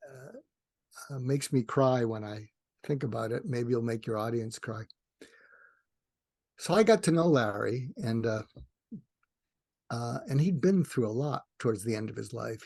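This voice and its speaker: A retired psychiatrist, an older man, rambles through personal stories as a podcast guest, warm and tangential in a casual storytelling interview. He speaks at a measured pace in a mid-range voice with vocal fry and long pauses. The recording is studio quality with no room sound.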